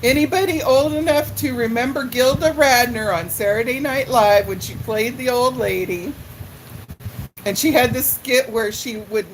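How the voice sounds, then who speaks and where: A woman's voice: a little high, moderate pace, slight background noise, poor audio. A middle-aged woman hosting a live stream in a casual chat, rambling as she greets viewers by name and answers their comments. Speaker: livestream host.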